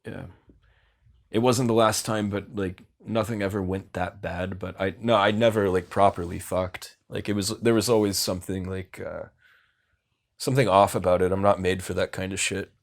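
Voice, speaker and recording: A low-pitched young man tells a long story as a podcast guest. He rambles along with lots of fillers and casual swearing, in a relaxed, unscripted way. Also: normal speed. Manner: rambling, filler-heavy, profane.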